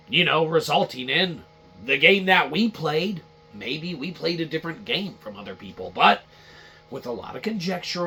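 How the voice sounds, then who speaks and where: A man's voice: fairly high pitch, gravelly, pushed and bright, a little hiss or hum. A man hosting a podcast, ranting casually about a video game in a rambling, profane, repetitive way. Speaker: podcast host. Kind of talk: casual game-review rant.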